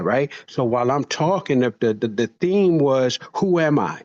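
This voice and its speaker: A man from New York, telling stories in an animated, playful way and acting out the dialogue. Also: medium pitch, normal speed, few pauses. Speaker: motivational speaker. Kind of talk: storytelling talk. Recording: dull lo-fi sound.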